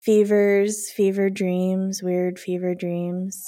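A woman co-hosting a podcast in casual chat, her voice husky after being ill, laughing and playful. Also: mid-range voice, flat delivery, takes it slowly, dark tone. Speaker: podcast co-host.

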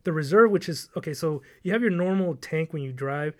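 A man's voice: fairly high pitch, expressive, a little fast, darkish tone. A young man hosting a podcast, telling a long rambling, profane story in casual chat. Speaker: podcast host.

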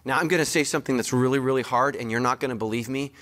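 A man's voice: mid-range voice, racing, a bit bright. A man preaching a sermon as pastor, speaking straight to his congregation with emphatic, joking asides.

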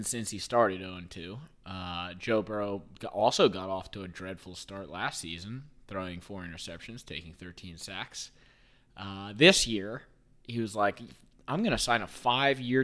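A man in his thirties hosts a podcast in loose, casual sports talk, with a fairly low voice. He rambles, curses freely and jokes his way through each point. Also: a bit bright. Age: 30s. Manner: profane, rambling, joking. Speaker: podcast host.

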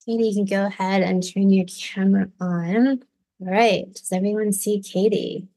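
A woman hosting a live online event, leading a slow guided visualization and then chatting upbeat with a guest over video call. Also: medium pitch, fairly even intonation, warm tone. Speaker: host.

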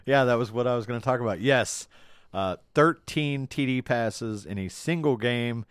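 Podcast man, casual football talk, dry close sound, animated and swearing. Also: mid-range voice, normal speed, clean tone, dry recording. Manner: animated, swears, quotes movie lines. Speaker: podcast co-host. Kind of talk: casual sports chat.

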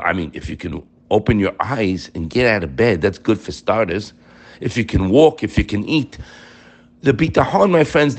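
A man giving a spiritual lesson with a lively voice that swings up and down in pitch. He reads and translates Hebrew text in an animated way, pressing his listeners with rhetorical questions. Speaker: religious teacher.

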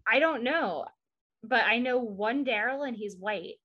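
A woman from the US South co-hosting a podcast, recapping a TV episode in animated, chatty talk full of "like" and "um". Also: on the high side, a little slow, lo-fi sound. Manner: chatty and animated, laughs often, leans on "like" and "um". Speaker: podcast co-host. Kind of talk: casual chat, recapping a TV show.

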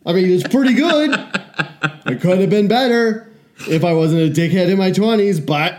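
A man's voice: high voice, normal speed, darkish tone. A man in his forties, a podcast co-host in casual chat who tells stories with profanity and self-deprecating jokes.

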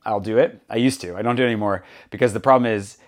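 A man hosting a casual podcast chat, an animated storyteller who acts out the people he quotes. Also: lowish voice, racing. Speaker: podcast host. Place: Paris.

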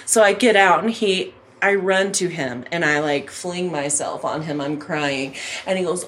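A woman's voice: fairly low pitch, a little slow, a crowd in the background. A woman telling a funny personal story in a casual chat, acting out what people said and laughing often. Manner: animated, acts out quotes, laughs often.

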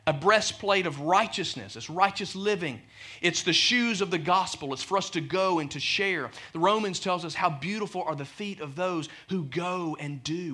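Male pastor, sermon, high-pitched voice, emphatic, chatty asides to the congregation. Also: pushed and bright. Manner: repeats words when building a point.

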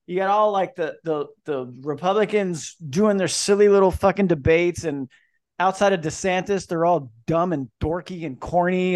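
A man's voice: sits high, normal speed. A man hosting a podcast in casual chat, joking and ranting with lots of swearing. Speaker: podcast host.

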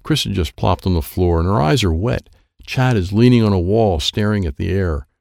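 A man's voice: low voice, animated, normal speed, gravelly, darkish tone, dry recording, studio quality. A man reading a children's book aloud in first person, in plain short sentences. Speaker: audiobook narrator.

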